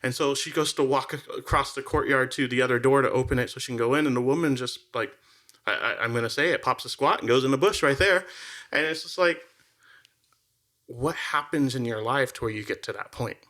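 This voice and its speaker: A man co-hosting a casual podcast, with a bright, forceful tone at an ordinary middle pitch. He tells stories in an animated way and acts out the voices of the people in them. His talk is loose and full of fillers and restarts. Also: a little fast. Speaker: podcast co-host. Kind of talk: casual conversational chat.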